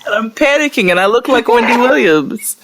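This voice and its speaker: A woman's voice: on the high side, animated, fairly quick, no room sound. A woman co-hosting a podcast, telling a story in casual, profane chat and laughing as she goes. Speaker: podcast co-host.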